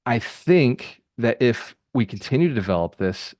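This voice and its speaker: A man hosting a group call as a real estate mentor, giving an energetic motivational talk with rapid, repeated phrases. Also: mid-range voice, dry recording, studio quality.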